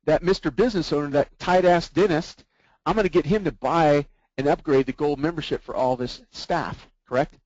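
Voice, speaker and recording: Sales trainer, man, fairly high voice, dry and dull lo-fi webinar sound, keeps quizzing his team as he goes. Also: normal speed, a little mellow, no room sound. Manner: keeps checking in with the group through rhetorical questions.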